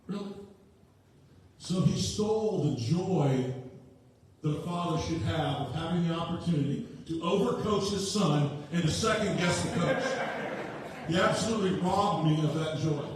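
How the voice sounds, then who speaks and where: A man in his sixties tells homespun, joking family stories from a church stage. His slightly high voice rings through a very echoey sanctuary and sounds set back from the mic, with faint room noise underneath. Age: 60s. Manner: folksy, joking family anecdotes. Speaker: guest speaker at a church. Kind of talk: storytelling sermon. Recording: very echoey hall from far off.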